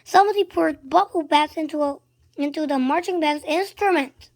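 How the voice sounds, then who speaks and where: Excited sports fan yelling from the stands, a woman reading the part, high and gravelly, for a storybook. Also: a little slow, heavily acted. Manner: loud, exclaiming.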